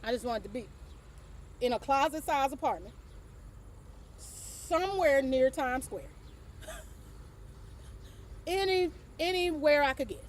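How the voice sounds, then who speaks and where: A woman's voice: high voice, expressive, slow, pauses often, slight background noise. A middle-aged woman hosting her own show, telling a casual story, laughing often and swearing offhandedly. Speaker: host.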